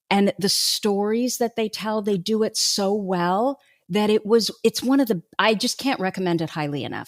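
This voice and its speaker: A woman's voice: mid-range voice, no echo. Podcast host woman, casual interview, dry close sound, emphatic.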